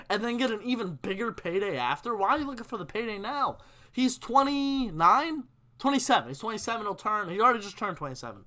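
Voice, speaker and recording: Young male live-stream host, excitable and opinionated, bright tense tone. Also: high voice. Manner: animated, gets worked up, reads chat questions aloud. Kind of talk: casual live-stream hockey chat.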